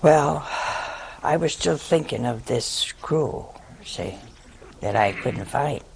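A woman's voice: a bass voice, animated, slow pace, gravelly, background noise. An older woman, a nun, telling a humorous folksy story to an audience. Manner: humorous, folksy anecdote with laughs. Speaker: nun giving a talk.

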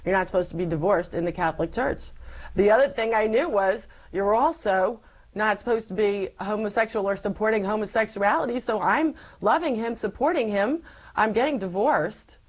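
A woman's voice: mid-range voice, normal speed, low-quality recording. A woman, an interview guest, giving a personal faith testimony and acting out her own past words as she tells it.

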